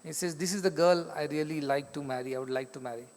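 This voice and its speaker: A man's voice: fairly high pitch, quick pace, a little mellow. A man giving a spiritual discourse, explaining in simple repeated phrases and acting out the dialogue of his stories. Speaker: spiritual teacher. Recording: long hall reverb.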